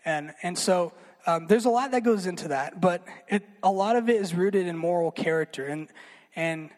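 A young man giving a casual sermon, chatty and animated, full of fillers and asides. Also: sits high, moderate pace. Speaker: youth speaker. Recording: long hall reverb.

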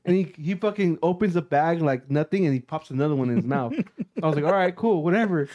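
A man in casual chat telling a story, animated and profane, often laughing. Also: fairly high pitch, quick pace, highs cut off.

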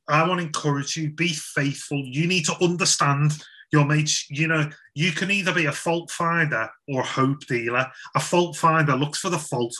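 Bright-voiced man giving a youth talk. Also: fairly high pitch. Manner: chatty, informal, with many restarts and fillers. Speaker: youth speaker. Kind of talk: Christian talk to young people.

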